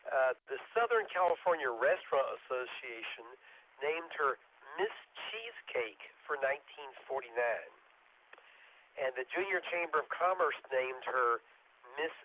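A man on an amateur radio net, rambling through anecdotes and trailing off softly at times. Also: medium pitch. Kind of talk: casual on-air discussion. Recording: tinny radio with faint hiss.

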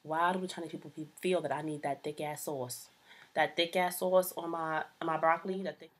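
A young woman with a husky, slightly low voice, ranting to camera in a casual, comedic style. She is sassy and exasperated and full of slang, and she keeps her delivery loose and conversational. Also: steady tone, fairly quick. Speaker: vlogger.

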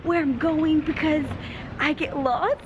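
A woman vlogging casually to camera, bubbly and excitable, often gasping and giggling as she talks. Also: high-pitched, slow, lo-fi sound. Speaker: vlogger and streamer. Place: home room, then an airport terminal. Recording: noisy handheld vlog audio.

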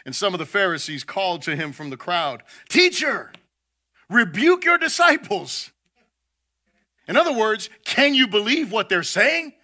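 This preacher's voice is brisk and lively in intonation, with few pauses. He drives home each point emphatically, tripping over repeated words, and raises his volume and pitch for the figures he quotes.

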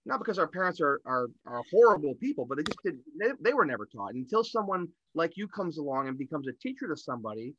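A man's voice: on the high side, very animated, fast, hardly any pauses, fairly bright tone, lo-fi sound, a little hiss or hum. A man in his fifties co-hosting a podcast, talking animatedly and often repeating words as he goes. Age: 50s. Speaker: podcast co-host. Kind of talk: podcast interview conversation.

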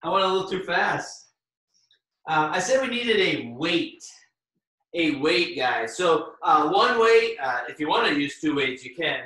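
Winded, upbeat fitness instructor, echoey room. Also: male voice, a little high, expressive, a little slow, bright, forceful tone. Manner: upbeat, cheering on participants by name while exercising. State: out of breath. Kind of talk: live online workout class coaching. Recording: very echoey room, far from the mic.

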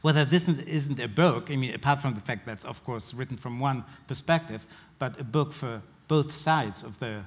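A man's voice: medium pitch, slightly rough. A man interviewing an author, asking long, thoughtful questions broken by "uh". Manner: thoughtful, halting with "uh".

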